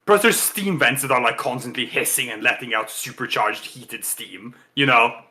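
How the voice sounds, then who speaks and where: A man's voice: medium pitch, normal speed, sharp tone. A man narrating a tabletop role-playing game as game master, chatty and full of filler words.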